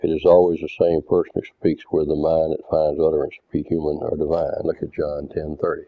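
A man preaching a doctrinal sermon, deliberate and didactic, reading scripture verses aloud. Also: a bass voice, level tone, a little hiss or hum. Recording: tinny phone-like dry sound.

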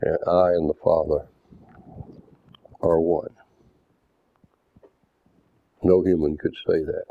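Very deep flat-voiced man preaching. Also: creaky, dry recording. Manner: deliberate, didactic, reads verses aloud. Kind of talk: doctrinal sermon with scripture readings. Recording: tinny phone-like dry sound.

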